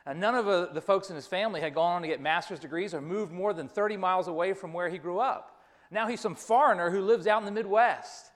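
A man's voice: sits high, fast. A man preaching a sermon, telling a story and repeating key phrases for emphasis. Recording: long reverb of a large hall.

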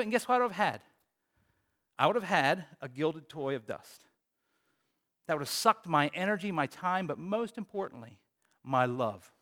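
A male pastor preaching a sermon, telling a personal story in an animated way with big swings in volume. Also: on the high side, moderate pace, long pauses.

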